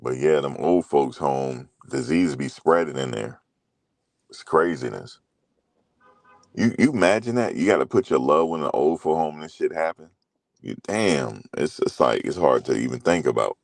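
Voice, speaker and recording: Very deep gravelly man, rambling. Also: expressive, normal speed, no room sound, studio quality. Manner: loose, rambling storytelling with slang and profanity. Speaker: commentary show host. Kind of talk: casual commentary chat.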